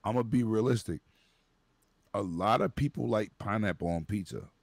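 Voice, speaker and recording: A man from Brooklyn with a New York accent in casual, profane group banter, loudly arguing a point and cutting in to hold the floor. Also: fairly low pitch, moderate pace, vocal fry, no echo.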